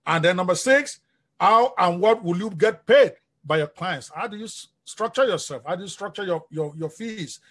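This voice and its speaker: Energetic coach, male, high husky voice, live-stream delivery. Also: normal speed. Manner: energetic, preacher-like, asks the audience questions. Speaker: business coach.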